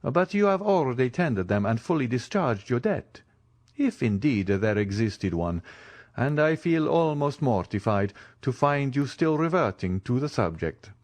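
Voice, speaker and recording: A man's voice: medium pitch, very animated, a little mellow, no room sound, voice pushed up. A man reading the part of a courteous, mysterious count in an audiobook. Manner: courteous, measured.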